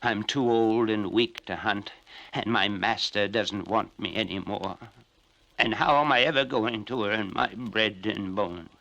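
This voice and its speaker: Storybook record: man voicing a tired old hound dog, out of breath, halting, slow. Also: on the low side, gravelly, sharp tone, exaggerated voice. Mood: weary. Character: old, weak male hound, weary.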